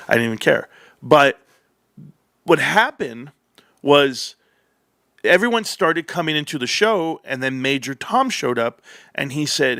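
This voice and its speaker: A man hosting a livestream, telling a long story in a rambling, animated way, with profanity, restarts and side remarks. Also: medium pitch, normal speed, vocal fry, long pauses, no echo, studio quality. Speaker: livestream host.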